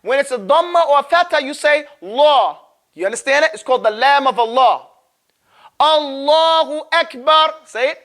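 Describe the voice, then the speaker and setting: Casual teacher, very high voice, drills recitation in class. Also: male voice, lively intonation, a bit bright. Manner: casual, joking, quizzes students, models words slowly.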